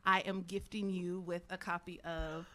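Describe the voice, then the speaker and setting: A woman author speaking as a guest on a radio show, heartfelt and halting, with many fillers as she holds back tears. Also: lowish voice, flat delivery, sharp tone. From United States. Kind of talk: emotional radio interview.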